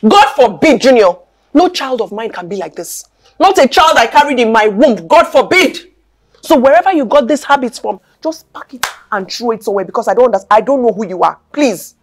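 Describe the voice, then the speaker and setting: A woman's voice: fairly high pitch, lively intonation, a little fast, a little hiss or hum, natural voice. An actress with a Nigerian accent playing a stern middle-aged mother who scolds her son with insistent, repeated questions. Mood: indignant. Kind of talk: film drama acting.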